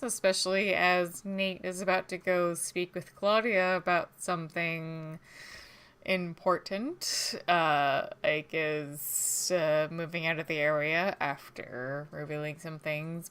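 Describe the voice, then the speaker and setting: A woman's voice: lowish voice, fairly bright tone, clear, resonant tone. A woman running a tabletop role-playing game as game master, narrating and summing up scenes with frequent fillers. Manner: brisk, wrapping up scenes, filler-heavy.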